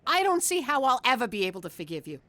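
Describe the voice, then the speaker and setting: Bitter wife, high and bright, cold delivery. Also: female voice, sing-song, quick pace, no echo. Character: hurt, fed-up wife. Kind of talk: adult cartoon voice acting.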